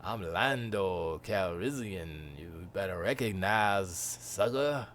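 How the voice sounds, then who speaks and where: A man putting on the voice of a smooth, laid-back older smuggler who drawls slowly and calls people sucker. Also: deep voice, lively intonation, fairly bright tone, a little hiss or hum, voice pushed down, heavily acted. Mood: smug.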